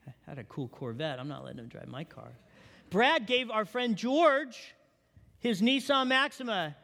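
Guy pastor giving a sermon, high voice, echoey church hall. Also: normal speed, gravelly. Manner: animated storytelling, asks the congregation questions.

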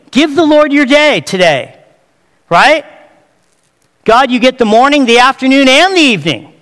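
A male pastor preaches with an easy, joking style, tossing rhetorical questions to his listeners. His voice sits high and comes across smooth and resonant. A long reverb trails behind him, as from a large hall. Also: a bit bright. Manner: conversational preaching with humor, rhetorical questions to the congregation. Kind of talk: sermon.

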